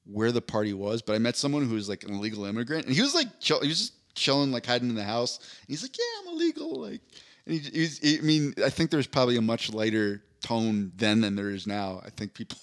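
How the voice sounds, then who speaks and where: A man, co-hosting a podcast in casual chat, telling stories with a dry delivery and lively quoted voices. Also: medium pitch, fast. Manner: storytelling, animated quoted voices. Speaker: podcast co-host.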